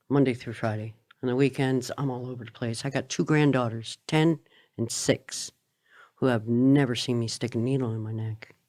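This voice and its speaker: A woman's voice: very deep voice, a little mellow. Blunt, foul-mouthed middle-aged woman. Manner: blunt and profane, speaks openly. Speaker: podcast guest. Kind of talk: candid conversational storytelling.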